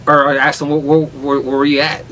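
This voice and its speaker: Man, casual vlog storyteller, rambling, faint rumble behind. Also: flat delivery, brisk, pushed and bright, far from the mic, poor audio. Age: adult father with a son. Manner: rambling, laughs hard at his own story. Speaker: vlogger. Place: indoors at home, rain outside.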